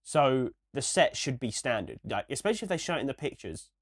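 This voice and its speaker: A young man co-hosting a casual podcast, ranting and rambling with many restarts, a little hoarse from a recent cold. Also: mid-range voice, very animated, fairly quick. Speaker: podcast co-host.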